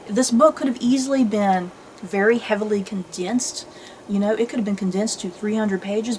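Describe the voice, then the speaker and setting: A woman's voice: mid-range voice, slight background noise, rough recording. A young adult woman hosting her channel, giving a casual, enthusiastic book review full of fillers and restarts.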